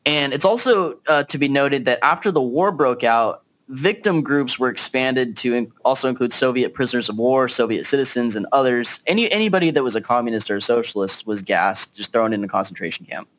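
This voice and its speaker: A man's voice: mid-range voice, brisk, hardly any pauses, a bit bright. A man hosting a casual podcast discussion, talking in a laid-back, chatty way with plenty of fillers. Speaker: podcast host.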